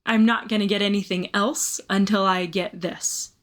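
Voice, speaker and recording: Woman cohosting a faith podcast, lively storyteller, laughs at herself a lot, jumps up high when she acts out her own lines. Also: normal speed. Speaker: podcast co-host. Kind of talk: candid faith conversation.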